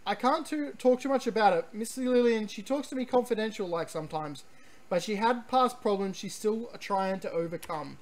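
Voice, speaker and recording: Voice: mid-range voice, normal speed, close to an everyday voice. A game streamer reading the lines of a wary, superstitious older female cook in a slightly raised voice. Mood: uneasy.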